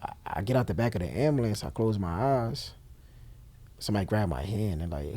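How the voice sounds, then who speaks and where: Animated New man telling a story. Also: fairly low pitch, fairly quick, no echo. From Brooklyn, New York. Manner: animated, acts out the voices of others as he retells. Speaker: guest. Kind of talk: emotional storytelling.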